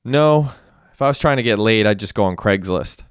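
A man's voice: on the low side, expressive, normal speed, clean tone, no echo, studio quality, natural voice. A man reading a novel aloud, voicing a casual, wisecracking young man who is awkward but cocky.

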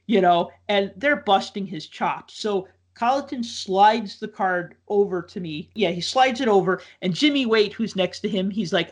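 A man's voice: high voice, normal speed, few pauses, husky. A man telling a long casual story, full of likes, ums and restarts. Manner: rambling, filler-heavy with many likes and ums.

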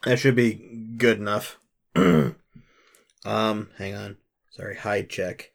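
A man's voice: fairly low pitch, slow, gravelly. A man playing a tabletop game, matter-of-fact, checking rules aloud. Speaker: player. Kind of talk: casual tabletop play.

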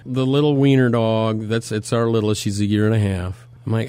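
A man's voice: lowish voice, fairly even intonation, fairly quick, mellow, smooth, no room sound. A man co-hosting a morning radio show, chatting casually and joking while reading listener comments aloud.

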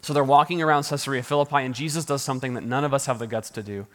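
A man's voice: medium pitch, steady tone, rapid-fire, a bit bright. Man preaching in a reverberant hall. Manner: conversational preaching with frequent restarts and light laughs. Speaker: pastor. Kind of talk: sermon.

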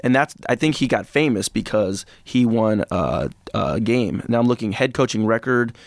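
A man's voice: on the low side, expressive, moderate pace, creaky, no echo, clean studio sound. A man co-hosting a sports podcast, chatting casually and rambling through basketball picks and old stats. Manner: rambling, digressive, breaks into goofy impressions. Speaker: podcast co-host.

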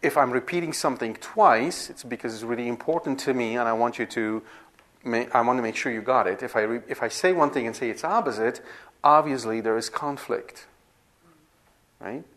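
A man's voice: medium pitch, a little fast, a bit bright. A man teaching a class on scripture, explaining patiently and often asking "right?" to check the listeners are following. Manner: explanatory, repeats himself with frequent "right?" checks and restarts. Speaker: Bible teacher. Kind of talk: classroom lecture.

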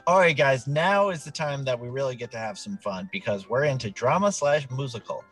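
A man's voice: medium pitch, brisk, slightly rough, soft background music. A man co-hosting a casual podcast and reading quiz cards in a playful, joking way. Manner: playful, jokey, animated. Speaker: podcast co-host, quiz reader. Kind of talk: casual chat.

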